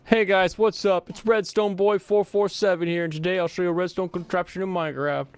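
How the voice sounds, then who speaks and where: A man's voice: high-pitched, steady tone, fairly quick, smooth, dry recording, pitched above the performer's own voice. A man putting on the voice of a peppy male online tutorial presenter with a bouncy, hyped greeting.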